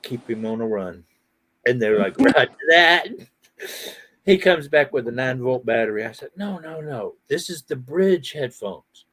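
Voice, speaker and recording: A middle-aged man hosting a casual outdoor chat, telling animated stories and laughing often. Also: mid-range voice, moderate pace. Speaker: host.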